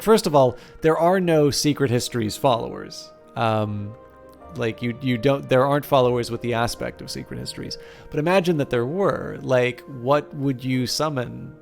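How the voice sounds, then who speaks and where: A man's voice: medium pitch, vocal fry. A man streaming a game late at night, tired and rambling with lots of fillers. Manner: rambling and hesitant, many fillers. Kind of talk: casual live-stream chat while playing.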